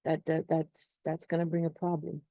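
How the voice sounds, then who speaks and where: A woman playing a fussy, alarmed peacekeeper that panics over messy emotions. Her tone is warm and mellow. The sound is dry and close. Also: deep voice, monotone, normal speed, gravelly, no room sound. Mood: fretful. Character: fretful personified sign craving harmony.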